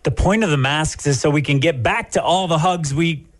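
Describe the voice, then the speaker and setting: A man's voice: on the high side, normal speed, no echo. A man co-hosting a radio show, reading out news items and joking along with his partner. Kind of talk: casual news chat.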